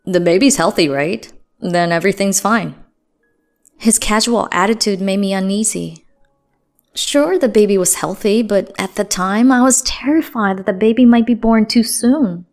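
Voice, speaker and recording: A woman narrating a dramatic first-person story in a steady, earnest voice. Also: mid-range voice. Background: faint music.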